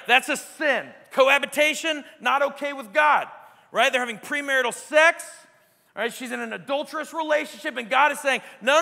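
Male pastor, sermon, high bright voice, emphatic, shifts from hushed to loud. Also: creaky, in a large hall. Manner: emphatic, keeps asking "right?"; swings between quiet reflection and loud exclamation. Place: church sanctuary.

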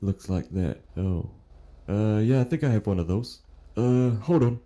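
A forgetful, befuddled old man, voiced by a man in a role-play game, stumbling and repeating himself as he searches for words. His tone is soft and mellow, never sharp. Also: on the low side, unhurried, close to an everyday voice. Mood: confused, muddled. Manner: hesitant and repetitive, stammering. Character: confused, forgetful elderly man. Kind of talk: role-play driving stop.

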